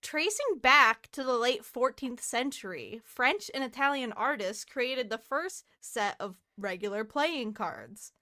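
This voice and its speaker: Slow-talking bright young woman. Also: fairly high pitch, lively intonation, dry recording. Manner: chatty, swears casually, laughs often. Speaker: podcast co-host. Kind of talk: casual chat.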